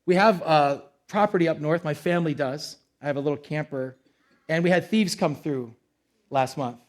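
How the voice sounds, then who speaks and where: A man's voice: on the high side, moderate pace. A young adult man preaching a sermon as pastor, in a casual, conversational way with acted-out quotes. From United States.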